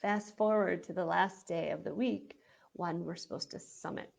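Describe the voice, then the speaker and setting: A woman's voice: fairly low pitch, normal speed, gravelly. A woman hosting a show, telling a personal story in a chatty way with lots of "like" fillers. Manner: chatty, heavy use of "like" fillers. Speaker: podcast host.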